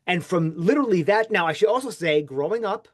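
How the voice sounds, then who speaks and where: A man hosting a podcast who tells a long personal story in a casual, animated way, with his pitch swinging widely. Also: fairly quick, husky. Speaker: podcast host. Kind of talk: casual interview chat.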